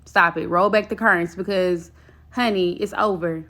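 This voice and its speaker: A young woman telling a personal story in casual storytime style, blunt and expressive, swearing freely. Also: mid-range voice, normal speed.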